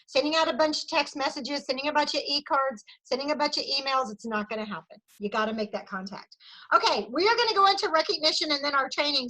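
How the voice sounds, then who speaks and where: Woman, high bright voice, peppy sales team pep talk, video call. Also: fast talker, poor audio. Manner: enthusiastic, cheering, Southern "y'all". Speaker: sales director leading a team meeting.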